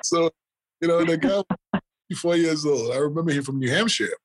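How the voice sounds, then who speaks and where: Husky man rambling through surgery stories. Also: fairly high pitch, fairly quick, poor audio. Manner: rambling, filler-heavy, chuckles often. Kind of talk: casual anecdotal storytelling.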